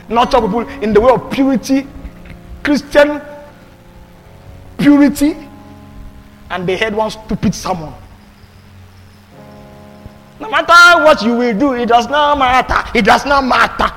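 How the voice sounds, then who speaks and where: A high-pitched man preaches from the pulpit, reading scripture aloud and swinging between forceful emphasis and near-whispered asides. His voice rings with long hall reverb, and faint music plays under him. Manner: emphatic, swings between loud and hushed delivery. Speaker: pastor.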